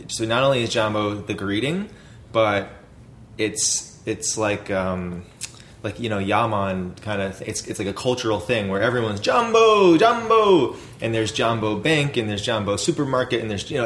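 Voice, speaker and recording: Rambling low-voiced man, full of fillers. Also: fairly bright tone, a little hiss or hum. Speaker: food company founder. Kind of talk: casual interview talk.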